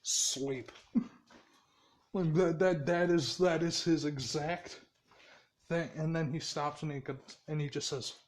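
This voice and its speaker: A man's voice: fairly high pitch, steady tone, a little slow, long pauses. A man casually telling a fan story in a rambling, profane way, laughing often.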